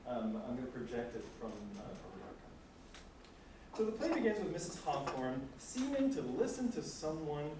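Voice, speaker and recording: Animated male lecturer in an echoey room. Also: mid-range voice, background noise. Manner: animated, wry asides. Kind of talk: lecture with read passages. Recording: echoey room, distant mic.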